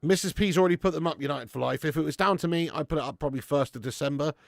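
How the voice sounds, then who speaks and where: A man with a fairly high voice and vocal fry talks very fast while hosting a live football watch-along, reading chat and chatting casually with viewers. He swears, laughs often and calls everyone "mate," on clean studio audio with no room sound.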